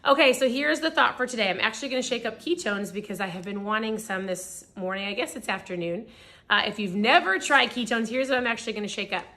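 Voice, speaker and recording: A woman in her forties, hoarse and raspy, chatting upbeat and motivational as host of a live stream. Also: on the high side, fast talker, bright, forceful tone. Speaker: podcast host. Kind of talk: casual live-stream chat.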